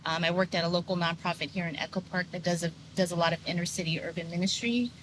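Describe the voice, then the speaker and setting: A woman's voice: on the low side, fairly even intonation, fast talker, a bit bright, slight background noise, poor audio. A woman telling her personal story as a podcast guest, earnest and frank, with lots of fillers. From United States. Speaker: guest, sound healer. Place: video podcast set.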